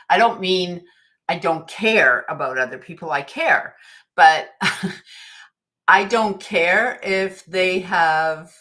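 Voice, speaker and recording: Middle-aged woman, lowish voice, anecdotal livestream host with a chatty, laughing delivery. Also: bright, forceful tone. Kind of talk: casual motivational talk.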